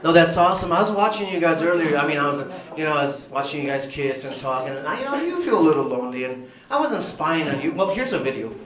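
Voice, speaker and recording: Brash, profane stand-up comic, high voice. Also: male voice, sing-song, fast talker, few pauses. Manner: brash, profane, teasing the audience. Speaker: stand-up comedian. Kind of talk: stand-up comedy with crowd work. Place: large comedy club indoors. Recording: echoey club with loud crowd laughter.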